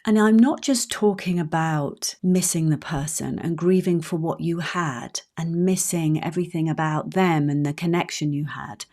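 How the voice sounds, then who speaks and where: Woman, fifties, podcast host and coach, soft heartfelt delivery, mellow lowish voice. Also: moderate pace, few pauses. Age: 50s. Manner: gentle, heartfelt and personal. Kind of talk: reflective solo podcast talk.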